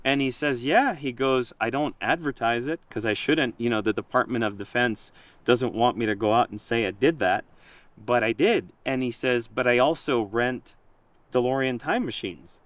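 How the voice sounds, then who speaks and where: A man in casual conversation, telling a story in an animated way and quoting himself and others. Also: medium pitch, normal speed, no room sound. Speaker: project creator.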